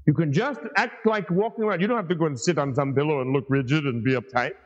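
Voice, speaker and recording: A man hosting a podcast, teaching Buddhist scripture as a lively storyteller with chatty asides. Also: fairly high pitch, fast. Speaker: Buddhist studies professor and podcast host. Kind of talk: teaching talk, reading and explaining a sutra. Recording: reverberant, dull lo-fi sound.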